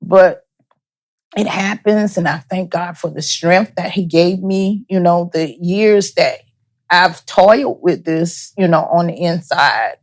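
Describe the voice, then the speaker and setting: Woman, interview guest, bereaved mother, soft-spoken, halting, repeats words, somewhat low voice. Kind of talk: personal testimony in conversation.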